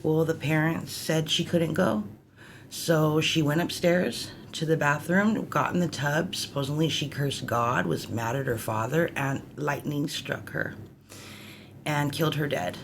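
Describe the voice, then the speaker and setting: Gravelly woman telling ghost stories. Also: low voice, measured pace, slight background noise. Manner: lively, conversational, lots of "you know". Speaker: ghost hunter guest. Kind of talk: storytelling ghost tales.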